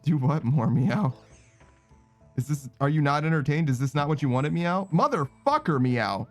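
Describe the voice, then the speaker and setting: A man's voice: animated, normal speed, soft background music. Man streaming a game, meowing between curses. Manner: swearing, saying meow after phrases, reading chat aloud; frustrated outbursts in a raised, higher voice. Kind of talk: casual gaming stream commentary.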